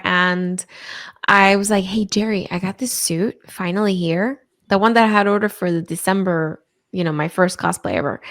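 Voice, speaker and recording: Bubbly woman w/ russian accent, laughs a lot, casual podcast chat. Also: mid-range voice. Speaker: cosplayer guest. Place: Miami.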